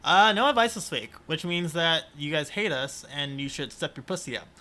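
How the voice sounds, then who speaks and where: A man chatting casually on a podcast, playful and quick to giggle, who reads sponsor copy with a mock flourish. His voice is bright and sits a little high. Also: lively intonation, a little hiss or hum. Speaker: podcast co-host. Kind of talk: casual chat.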